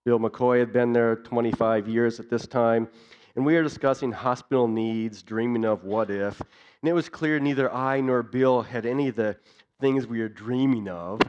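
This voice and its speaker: A man gives an earnest missions talk in a church, at a medium pitch. He stacks his points in repeated lists. The recording has a dull, lo-fi sound. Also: normal speed, darkish tone, clear, resonant tone. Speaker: missions speaker.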